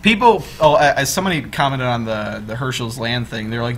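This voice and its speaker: A man's voice: mid-range voice, animated, fairly quick, few pauses, a bit bright, slight background noise. A young man hosting a casual group chat, rambling with lots of fillers and restarts.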